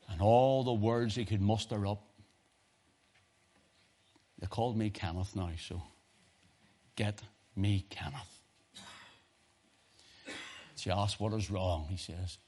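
A man preaching a sermon, telling a personal story in a hushed voice and then rising to loud preaching. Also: on the low side, fairly even intonation, slow pace, pauses often.

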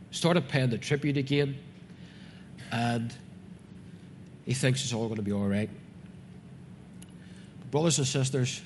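The speaker is a Northern Irish man whose medium-pitched voice fills a reverberant hall with faint ambience, and slight background noise is audible. He reads from the Bible and comments on it, speaking to his congregation in an earnest but conversational way.

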